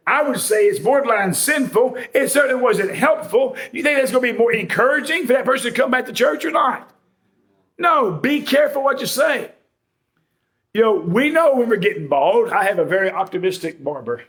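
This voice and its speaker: A man's voice: extremely high pitch, animated, normal speed, fairly bright tone. Folksy, joking man preaching. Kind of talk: sermon.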